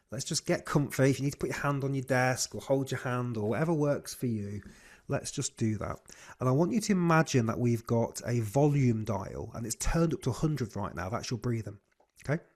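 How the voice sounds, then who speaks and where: A man leading a guided breathing class on a video call, giving slow, soothing cues. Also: medium pitch, darkish tone. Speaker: breathwork coach.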